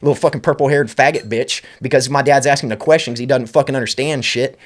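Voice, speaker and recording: A man's voice: mid-range voice, fairly even intonation, quick pace. A man hosting an uncensored podcast, ranting angrily and swearing constantly. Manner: angry, profane ranting. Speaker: podcast host.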